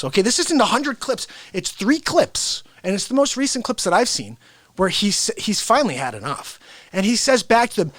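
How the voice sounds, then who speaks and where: A man hosting a live stream, an impressionist talking in a rambling, animated way straight to his viewers. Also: high voice, no echo. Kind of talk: casual live-stream rant.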